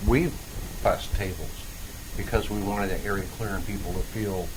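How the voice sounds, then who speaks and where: A man's voice: low voice, moderate pace, background noise. A man guest in casual conversation, speaking earnestly and encouragingly.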